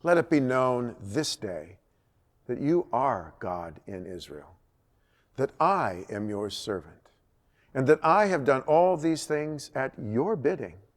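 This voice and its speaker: A bold biblical prophet with a commanding, taunting voice, as a man reads his words aloud. His pitch rises and falls a great deal as he challenges and mocks. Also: very animated, slow pace. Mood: praying.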